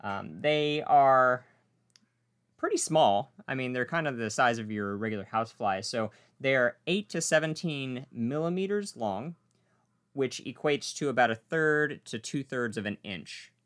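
A man's voice: medium pitch, a little slow, clean tone. A man hosting a casual wildlife podcast, playful and joking as he talks. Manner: playful, joking, animated delivery. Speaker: podcast host.

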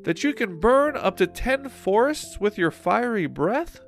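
A man voicing a brave, clever young princess in a high, eager voice. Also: sing-song, measured pace, faint music behind.

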